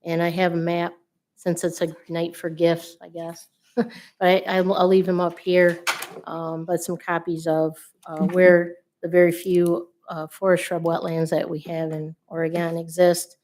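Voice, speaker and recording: A woman's voice: lowish voice, little pitch movement, a little slow, darkish tone. A woman giving public comment at a city council meeting, earnest and polite, with hesitant fillers. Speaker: resident speaking at public comment. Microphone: podium microphone.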